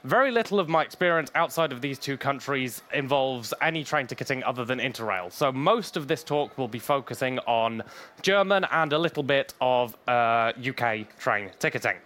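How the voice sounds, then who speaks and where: Hoarse man giving a talk. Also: medium pitch, expressive, normal speed, fairly bright tone. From Wales. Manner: dry humorous asides. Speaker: conference speaker. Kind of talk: technical conference talk.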